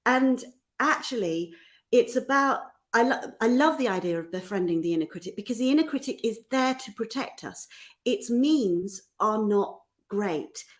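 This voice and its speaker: A middle-aged woman, chatting on a podcast with a slightly high voice. She talks in an animated way, slipping into little voices for the people she quotes. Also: normal speed. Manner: animated, acts out voices in quotes, laughs often. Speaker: host and life coach. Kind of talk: casual podcast conversation.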